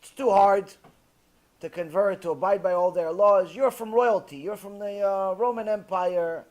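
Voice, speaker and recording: A man's voice: sits high, moderate pace, darkish tone, lightly acted. A man voicing the scornful spirit of a dead Roman royal, boasting and dismissive.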